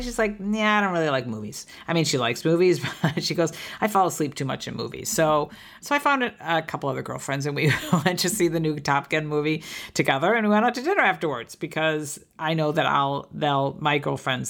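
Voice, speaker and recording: A woman's voice: low-pitched, creaky, a bit bright. A woman in her fifties hosting a podcast, talking earnestly and from the heart in a reflective monologue. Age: 50s. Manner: earnest and heartfelt, with frequent restarts and fillers. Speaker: podcast host.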